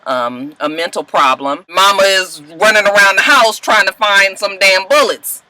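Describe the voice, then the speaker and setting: A woman's voice: lowish voice, measured pace, poor audio. A woman casually recapping TV episodes, acting out the characters with put-on voices, laughing and swearing as she tells it. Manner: animated storyteller, acts out characters, laughs often, swears. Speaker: vlogger recapping TV shows.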